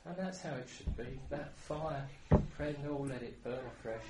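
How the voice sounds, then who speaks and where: A middle-aged man preaching a sermon, moving between quiet personal storytelling and loud, fervent exhortation. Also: medium pitch, moderate pace. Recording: echoey room, heard from a distance, background noise.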